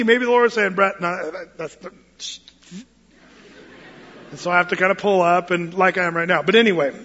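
A man preaching a sermon as pastor, animated, acting out Bible quotes in playful voices. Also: sits high. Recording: muffled sound with long hall reverb.

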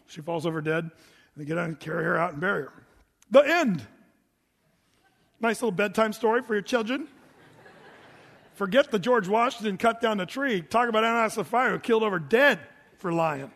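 A man's voice: high-pitched, animated, fairly quick, a bit bright. A man preaching a sermon in a conversational, emphatic way, posing rhetorical questions to the congregation in a church sanctuary. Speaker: pastor. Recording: long reverb of a hall.

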